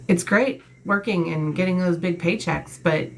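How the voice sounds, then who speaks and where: A woman's voice: on the low side, normal speed, vocal fry. A woman giving a casual tarot card reading, reading card meanings aloud and breaking off to talk bluntly and emphatically, swearing freely. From Italian heritage. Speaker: tarot reader.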